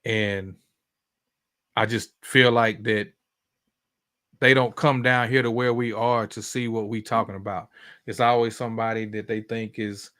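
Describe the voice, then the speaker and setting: A man's voice: lowish voice, flat delivery, measured pace, pauses often, fairly bright tone, no echo, clean studio sound. A man talking as a guest in a casual chat, rambling with lots of fillers. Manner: rambling, many fillers and restarts. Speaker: guest, sneaker collector.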